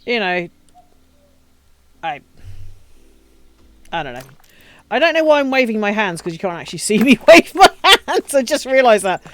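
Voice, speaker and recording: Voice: mid-range voice, sing-song, normal speed, long pauses, a bit bright. A streamer giving casual, crude, joking game commentary and laughing often, recorded on a desk mic. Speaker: live streamer. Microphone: desk mic, voice only.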